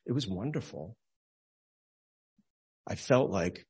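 A man with a very low voice delivers an informal sermon. He talks conversationally, acting out short bits of dialogue as he retells a story. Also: moderate pace. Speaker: preacher.

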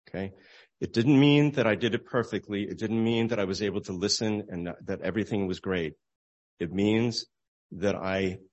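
Low-voiced man preaching conversationally. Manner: conversational, retells stories with voiced dialogue. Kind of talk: informal sermon.

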